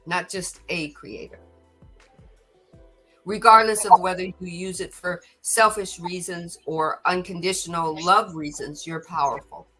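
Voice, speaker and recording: A woman's voice: on the low side, fairly even intonation, unhurried, pushed and bright, faint music behind. A middle-aged woman hosting a podcast, giving an earnest spiritual talk and often repeating words as she gathers her thoughts. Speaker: podcast host.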